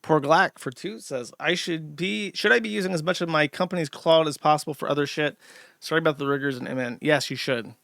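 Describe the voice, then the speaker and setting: A man's voice: fairly high pitch, a little fast, creaky, a bit bright, no room sound, studio quality. A man reading out viewer donations on his livestream and answering them in a blunt, profane, sardonic way. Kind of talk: casual livestream chat.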